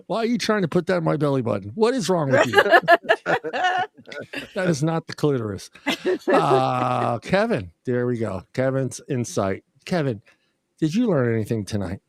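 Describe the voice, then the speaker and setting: A man's voice: mid-range voice, very animated, a little slow, creaky, long pauses, no room sound, clean studio sound. A man co-hosting a casual comedy podcast, joking, laughing often and swearing freely. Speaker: podcast co-host.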